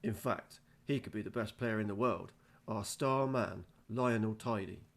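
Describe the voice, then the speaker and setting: A big, bossy football coach bellows orders in a deep, gravelly voice, put on by a man reading a children's book aloud. He sounds proud and loud. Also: a little slow. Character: hearty adult male football coach.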